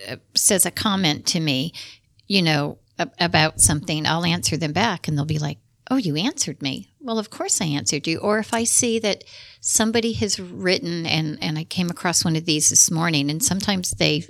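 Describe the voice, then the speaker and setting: Older woman, gravelly low voice, chatty storyteller, dry close sound. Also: moderate pace, dry recording. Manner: warm, emotional, storytelling with quoted asides. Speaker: guest author. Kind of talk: casual podcast interview.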